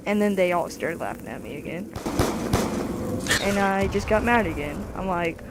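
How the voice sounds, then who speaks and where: A male speaker casually telling a rambling, animated story about his childhood while someone plays a video game. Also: high voice, moderate pace, very noisy. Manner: rambling, animated, with lots of "anywho". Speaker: storyteller over gameplay.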